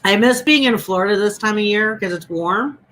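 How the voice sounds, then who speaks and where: A woman's voice: medium pitch, animated, fairly quick, a bit bright, a little hiss or hum, rough recording. A woman hosting a casual chat over a video call, telling stories with a lot of laughter. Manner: chatty, laughing storyteller. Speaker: host.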